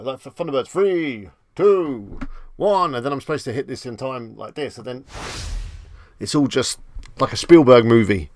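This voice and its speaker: A man with a mid-range voice hosts a casual live stream, reading out viewer comments and answering them loosely, dropping jokey asides that amuse himself.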